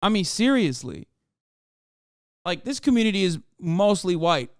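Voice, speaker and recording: Clear-voiced, exasperated man ranting on stream. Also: high-pitched, sing-song, a little slow, dry recording, studio quality. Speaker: streamer reacting to videos. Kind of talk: casual live-stream commentary.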